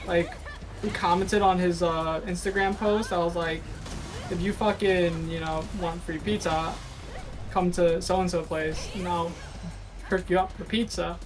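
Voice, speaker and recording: Casting: man streamer, rambling storyteller, swears freely, game music playing behind. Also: high-pitched. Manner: rambling, animated, swears a lot. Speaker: streamer telling a story to friends. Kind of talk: casual profane chat over gameplay.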